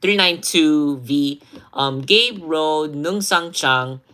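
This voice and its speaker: Her voice low, this social media creator works haltingly through a lengthy shoutout of follower names, full of ums and apologies for botched names, before settling into relaxed chat with her audience.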